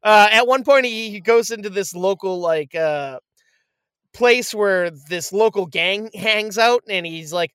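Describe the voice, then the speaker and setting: A man in casual chat, retelling a movie with lively acted-out quotes and frequent swearing. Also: high voice, measured pace, clean tone, dry recording. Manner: animated storyteller, acts out quotes, swears freely. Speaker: podcast co-host reviewing a movie.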